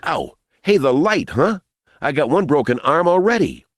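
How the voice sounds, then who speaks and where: A jumpy teenage boy, played by a man, calls out high and anxious, his voice pushed well above the narrator's. The sound is dry and close, read for a storybook. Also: big pitch swings, moderate pace, no echo.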